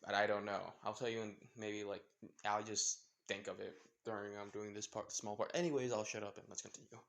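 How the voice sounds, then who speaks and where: A young man improvising a fan fiction story out loud, rambling with many fillers and self-corrections. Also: on the low side, steady tone, a little fast, creaky.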